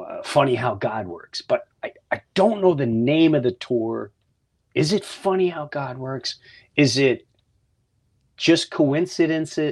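A man hosting a podcast, telling earnest, heartfelt stories in a casual monologue. He often restarts and repeats words, and sometimes drops to a near whisper. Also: medium pitch. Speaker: podcast host.

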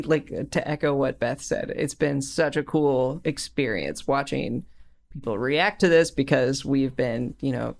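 A man's voice: medium pitch, vocal fry. Giggly man telling stories on a podcast. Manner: animated storyteller, giggly. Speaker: podcast co-host. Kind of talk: casual podcast chat.

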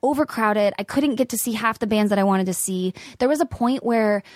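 A woman's voice: fairly high pitch, brisk. A young woman chatting casually as a podcast guest, telling a story with lots of acted-out quotes and frequent laughter. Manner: animated storyteller, acts out quotes, laughs often. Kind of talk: casual chat.

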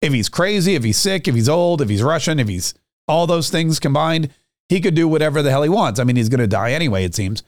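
A man's voice: a little high, expressive, fast, dry recording, studio quality. A man hosting a podcast, delivering a rambling, sarcastic political commentary monologue. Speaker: podcast host.

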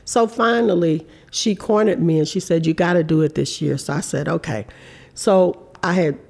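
A woman's voice: on the low side, moderate pace, vocal fry. A woman in her fifties, a guest in an interview, telling her story in an earnest, candid way. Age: 50s. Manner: warm, earnest storytelling with reported speech.

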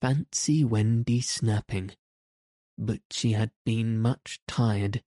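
A man narrating a classic storybook in a measured, gentle manner. His voice is low and warm, and his pace is very slow. The sound is close and dry. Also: dry recording.

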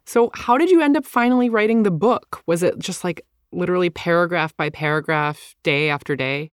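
A woman's voice: lowish voice, brisk, clean tone, no room sound, clean studio sound. A woman interviewer asking probing, conversational questions.

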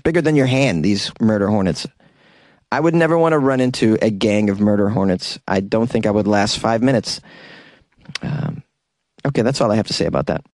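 A man's voice: fairly low pitch, darkish tone, dry recording. A man hosting a comedic news podcast, chatty and joking with wry asides. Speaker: podcast host.

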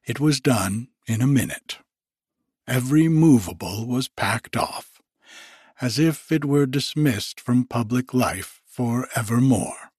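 A man narrating a classic story with slow, measured delivery. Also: mid-range voice, expressive, darkish tone, husky, no echo, clean studio sound. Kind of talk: storybook reading.

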